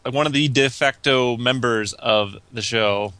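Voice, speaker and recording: Bright, playful podcast guy. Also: medium pitch, a little slow, dry recording. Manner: playful, hammy. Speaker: podcast co-host. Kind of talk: casual gaming podcast chat.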